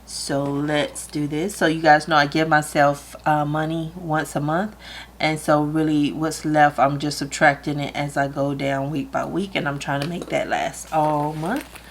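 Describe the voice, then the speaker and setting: Talking through her budget to camera, this woman is chatty, quick to laugh, and sometimes near tears as she does her calculations aloud. She's a budgeting vlogger with a low voice, a flat delivery, and an unhurried pace.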